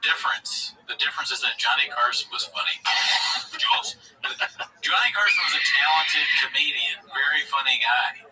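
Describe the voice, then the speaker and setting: A man's voice: on the high side, lively intonation, normal speed, distant mic, over loud music, poor audio. A man co-hosting a casual show, blunt and mocking, laughing often as he rants. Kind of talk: casual profane commentary.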